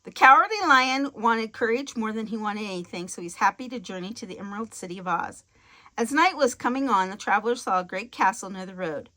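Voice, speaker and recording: A woman reading a children's storybook aloud in a clear, expressive way. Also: medium pitch, a little fast.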